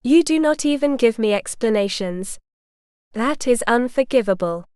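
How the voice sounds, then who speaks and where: A woman reading the lines of a proud but frightened young noble bride in an audiobook, often hushed. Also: fairly high pitch, expressive, moderate pace, clean tone, no echo, clean studio sound, close to an everyday voice.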